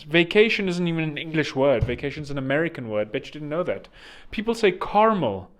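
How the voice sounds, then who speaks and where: Sarcastic South African man, slightly high voice. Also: clear, resonant tone. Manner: sarcastic, mocking asides; digressive, self-correcting. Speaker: online commentator. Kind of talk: rambling monologue.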